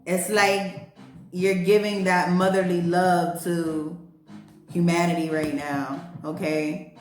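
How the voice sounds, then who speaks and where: Slowly and in a level tone, a woman with a lowish voice gives a relaxed astrology reading that's heartfelt and talkative, thick with fillers and slang. She reads astrology and tarot, and faint music plays under the roomy echo of the recording.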